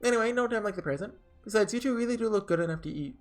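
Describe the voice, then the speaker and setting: A man's voice: high-pitched, rapid-fire, soft background music, voice pushed up, close to an everyday voice. A man reading aloud as a callous male oni rider from a game, breezy and mocking.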